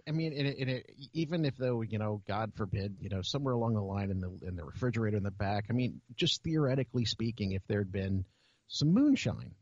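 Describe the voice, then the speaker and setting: Lowish guy with dry wit, stumbles a bit, dull muffled sound. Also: lively intonation, dry recording. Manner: halting, wry, dry humor. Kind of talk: casual chat.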